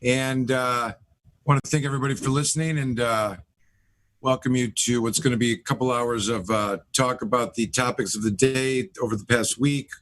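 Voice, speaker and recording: A middle-aged man hosts a live talk show in a casual, rambling way. He leans on fillers and restarts as he introduces each guest. His voice sits at an ordinary middle pitch. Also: fairly even intonation, moderate pace, a bit bright. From Michigan. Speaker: host, attorney.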